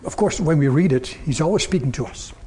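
An older man preaching a sermon, telling personal stories earnestly and quoting others in a softer, lower tone. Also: brisk, slight background noise. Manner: earnest storytelling, quoting God and people in softer lower tones.

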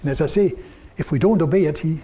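An older man preaching a sermon, telling personal stories earnestly and quoting others in a softer, lower tone. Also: fast, breathy edge. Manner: earnest storytelling, quoting God and people in softer lower tones.

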